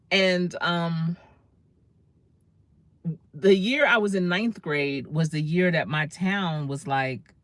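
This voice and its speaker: A woman's voice: sits low, dry recording. A woman in her fifties, a career coach, telling a casual story and laughing often.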